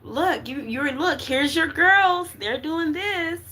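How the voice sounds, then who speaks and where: A woman voicing her tempting lower self as a coaxing young woman with a high, sing-song, wheedling voice. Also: animated, slow, sharp tone, heavily acted.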